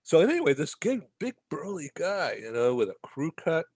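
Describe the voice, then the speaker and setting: A man's voice: fairly high pitch, sing-song, moderate pace, darkish tone, dry recording. A man from the Boston area, a guest telling a rambling story in a casual interview and tagging his lines with "okay?". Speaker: guest, magazine publisher.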